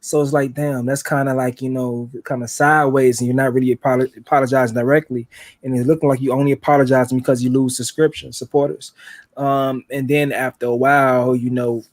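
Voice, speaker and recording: A man's voice: medium pitch, level tone, a little fast, no echo. A man guesting on a casual commentary show, talking in a slangy, easygoing way.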